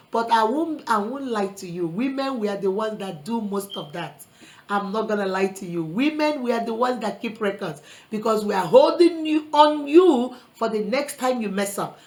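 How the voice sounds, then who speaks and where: A woman's voice: fairly high pitch, expressive, normal speed, poor audio. A woman vlogger giving earnest relationship advice in a preachy motivational talk, quoting scripture and calling listeners sister and brother. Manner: quotes scripture.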